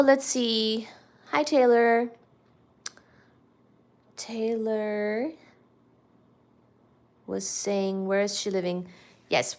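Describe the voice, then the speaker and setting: A woman from India with an Indian accent, hosting a casual livestream and chatting with viewers as she answers their comments. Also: fairly high pitch. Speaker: livestream host.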